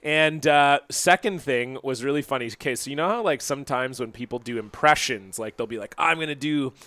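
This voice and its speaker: A man's voice: mid-range voice, a little fast, a bit bright, no room sound. A man from Canada co-hosting a podcast, rambling and sarcastic in a casual chat. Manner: rambling, sarcastic, restarts often. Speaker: podcast co-host.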